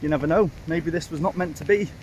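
Filming on a handheld phone as he climbs a hillside trail, a Welsh hiking vlogger narrates casually, chatty and self-mocking, sometimes out of breath, and keeps calling his viewers folks. His voice is fairly high, quick and darkish, with outdoor wind and ambient noise around him.

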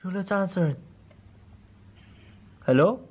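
A man's voice: high voice, takes it slowly, darkish tone, husky. A man filming a skit, talking to viewers in a jittery, spooked way. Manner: addressing viewers as guys, nervous and spooked. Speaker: video creator filming a skit. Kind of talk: scripted horror skit, talking to camera.

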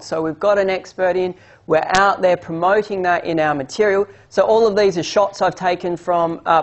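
A man with an Australian accent giving an economics presentation, asking rhetorical questions and speaking as if he runs a small mining company. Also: high voice. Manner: lively, rhetorical questions, role-plays a company. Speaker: economics lecturer. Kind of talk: academic presentation.

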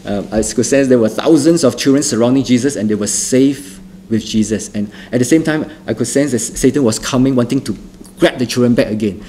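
Earnest mellow-voiced man testifying. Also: mid-range voice, a little hiss or hum. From Singapore. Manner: earnest, repeats phrases for emphasis, halting restarts. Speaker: testimony speaker. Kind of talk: spoken testimony.

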